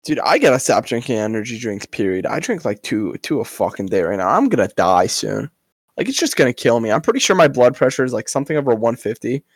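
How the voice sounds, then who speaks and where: A man's voice: mid-range voice, sing-song, fast, breathy edge, no room sound. Crude, offhand young man chatting. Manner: crude, offhand, swears a lot. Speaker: podcast co-host. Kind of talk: casual chat.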